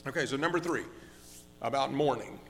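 A man preaching a sermon as pastor, earnest and slowing down on key words, with frequent restarts. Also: medium pitch, big-room sound, slight background noise. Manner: earnest, slows down for emphasis with many restarts.

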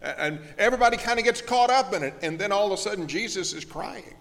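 A man preaching a sermon as pastor, earnest and slowing down on key words, with frequent restarts. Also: sits high, animated, creaky, a bit bright, in a large hall. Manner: earnest, slows down for emphasis with many restarts.

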